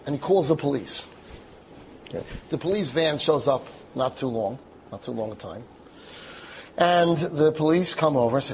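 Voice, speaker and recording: A man telling a dramatic story aloud, acting out the quotes with lively animation. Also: medium pitch, brisk, vocal fry, a little hiss or hum.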